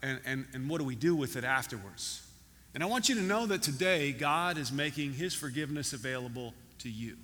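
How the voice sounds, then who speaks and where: A man's voice: medium pitch, lively intonation, brisk, a bit bright, big-room sound. A man preaching a conversational sermon in a church, repeating words and using many fillers. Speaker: pastor. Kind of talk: sermon with a told joke. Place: church hall.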